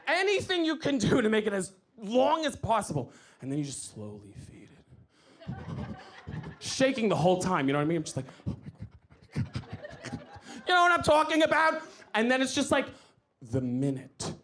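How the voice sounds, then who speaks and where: A stand-up comedian from New York with a New York accent, telling a story in an animated, loud way with shouted outbursts. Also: male voice, sits high, normal speed. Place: comedy club stage. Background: audience laughter.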